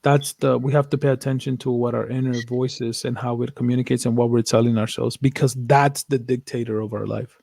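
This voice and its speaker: A man's voice: mid-range voice, level tone, fairly quick, gravelly, hardly any pauses, warm tone, dry recording. Earnest man on a dry-sounding mic. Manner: earnest and reflective, swears casually, some Spanish. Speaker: podcast co-host. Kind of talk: casual chat.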